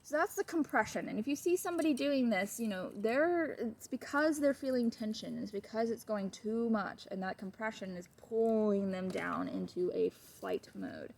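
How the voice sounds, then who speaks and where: A woman's voice: very animated, moderate pace, gravelly, hardly any pauses, a little hiss or hum. Chatty woman teaching dog behavior. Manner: chatty, digressive, switches to high baby talk with her dog. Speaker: dog trainer. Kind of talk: casual video lesson. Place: at home with her dogs.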